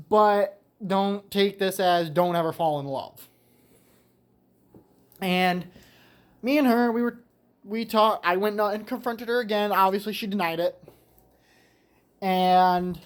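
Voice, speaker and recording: A young man in his late teens tells a story in a casual monologue from a garage on a cold day. He rambles with restarts and casual swearing, and sounds slightly winded. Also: high-pitched. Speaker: vlogger telling a story.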